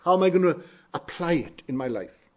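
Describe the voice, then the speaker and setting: A man's voice: a little high, lively intonation, a little fast, darkish tone. A male preacher giving a sermon, emphatic, repeating phrases with shifting stress.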